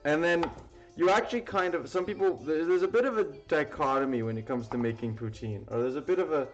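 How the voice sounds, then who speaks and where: His voice sits fairly high and moves a little fast as he hosts a live cooking stream. The talk is casual and meandering, heavy on fillers with an odd swear word here and there. Faint music plays under a roomy, dull lo-fi recording.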